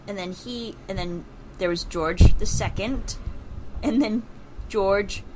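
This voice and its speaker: A woman's voice: mid-range voice, takes it slowly, noisy background. A woman co-hosting a casual podcast, reading out history facts with many fillers and restarts. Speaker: podcast co-host. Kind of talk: casual chat.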